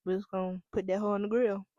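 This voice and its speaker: Animated young woman telling stories. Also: medium pitch, normal speed, no echo. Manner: animated, laughing, addresses listeners as y'all. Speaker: podcast host. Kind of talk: casual storytelling monologue.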